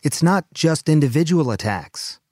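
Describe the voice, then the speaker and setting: A man hosting a news podcast, reading a scripted narration in a calm, measured, earnest way. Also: fairly high pitch, dry recording, clean studio sound. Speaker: medical correspondent and podcast host.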